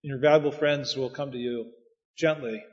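A man's voice: medium pitch, fairly even intonation, moderate pace. A man preaching as a pastor, folksy and anecdotal, with chuckling asides. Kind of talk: preaching talk. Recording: muffled sound with long hall reverb.

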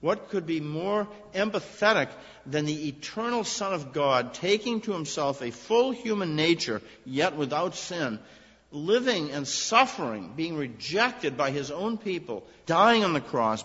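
A man, a minister, preaching a sermon in a conversational storytelling way, rising to emphatic high points. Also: big pitch swings, a little slow, fairly bright tone, breathy edge. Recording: long reverb, dull lo-fi sound.

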